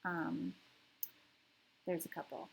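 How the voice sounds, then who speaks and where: A woman giving an online language lesson at an unhurried pace. Her voice is soft and a bit breathy, and she explains each step patiently, repeating words for practice. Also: fairly low pitch, flat delivery, poor audio. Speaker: French teacher.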